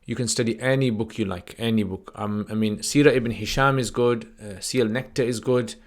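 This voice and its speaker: A man's voice: fairly low pitch, fairly even intonation, moderate pace. A man hosts a livestream Q&A on religious questions. He reads out each viewer's name and question, then answers in a casual, unscripted way with fillers and restarts. He speaks into a desk microphone.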